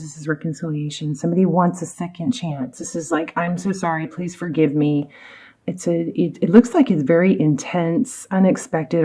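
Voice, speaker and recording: A woman talks through a tarot card reading at home in a loose, chatty way, drifting off topic and circling back with plenty of fillers. Her voice sits low and has a warm, mellow tone. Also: slight background noise, poor audio. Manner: chatty, rambling, easily distracted, many fillers. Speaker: tarot reader. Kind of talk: casual tarot reading to camera. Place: home room with her dog.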